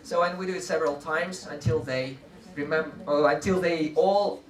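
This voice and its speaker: A man's voice: fairly high pitch, normal speed. A man with a Russian accent, a teacher trainer giving a playful live workshop talk and demonstrating classroom chants. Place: training room with live audience. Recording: echoey room, mic from far off. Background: crowd of trainees.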